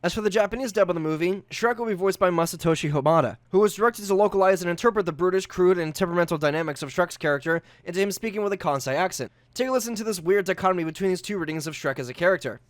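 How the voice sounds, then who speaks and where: A man hosting a video essay, narrating a script in a brisk, emphatic way. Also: sits high, no room sound.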